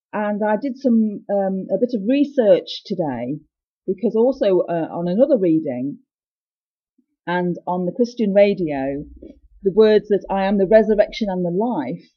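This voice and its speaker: A woman gives an informal devotional talk, pausing often with ums and uhs and slowing down to stress the verses. Her voice is a little husky and sits at an average pitch for a woman. The recording sounds dull and lo-fi. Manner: hesitant, with many ums and uhs, slow and emphatic on scripture. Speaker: Christian speaker sharing a devotional message.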